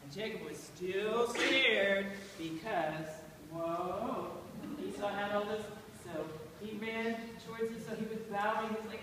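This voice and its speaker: A woman's voice: mid-range voice, takes it slowly. Playful woman clown telling a story. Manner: playful, animated, laughs between lines. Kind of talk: live storytelling performance for children. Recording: echoey hall from far off, noisy.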